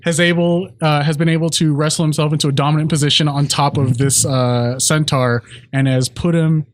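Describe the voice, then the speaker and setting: A man narrating as game master in a tabletop game, halting with ums and restarts and often laughing. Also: fairly high pitch, fairly even intonation.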